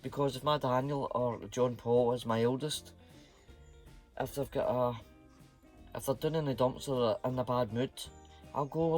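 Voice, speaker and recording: A man's voice: medium pitch, steady tone, moderate pace, long pauses, darkish tone, faint music behind. A middle-aged man with a Scottish accent, chatting casually and playfully to his vlog viewers in a rambling way. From Scotland. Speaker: channel host.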